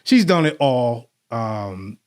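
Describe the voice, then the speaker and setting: A man co-hosting a podcast in casual chat, animated and rambling, often restarting his sentences. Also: medium pitch, takes it slowly. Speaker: podcast co-host.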